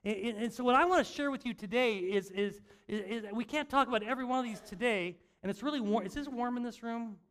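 An older male pastor with a high voice preaches in a church. He talks like he is chatting with friends, pokes fun at himself, and trips over his words as he restarts sentences. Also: quick pace, hardly any pauses, fairly bright tone. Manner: conversational, self-mocking storytelling with frequent restarts. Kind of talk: sermon. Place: church sanctuary.

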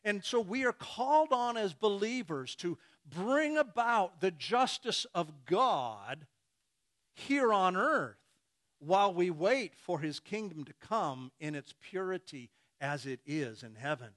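A man preaching in a high, lively voice that swoops up and down. He talks slowly and deliberately, acting out little back-and-forth exchanges and chuckling between his points. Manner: animated, acts out imagined dialogues. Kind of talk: sermon.

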